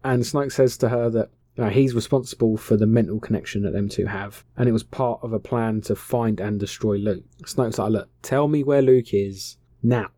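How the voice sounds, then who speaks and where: A man's voice: on the low side, steady tone, brisk, few pauses, mellow, no echo. A man casually retelling a film plot, offhand, slangy and full of swearing. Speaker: film recapper. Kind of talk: casual comic film recap.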